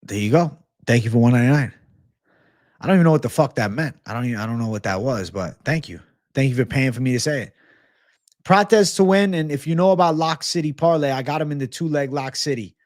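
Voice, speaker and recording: A man's voice: medium pitch, expressive, fast, a little mellow, no echo, studio quality. Brash, cursing fight-betting streamer man. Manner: brash, profane, hyped. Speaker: MMA betting livestream host. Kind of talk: livestream fight predictions.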